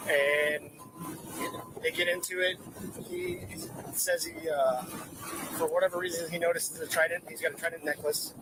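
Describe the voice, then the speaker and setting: A man supervising officers, blunt and firm, telling them to slow down and stop guessing. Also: a little high, expressive, background noise. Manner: firm, blunt, slows others down.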